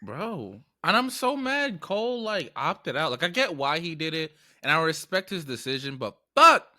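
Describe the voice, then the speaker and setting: A man co-hosting a podcast in casual, profane chat, swinging into high, excited outbursts. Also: normal speed, no room sound, clean studio sound. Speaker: podcast co-host.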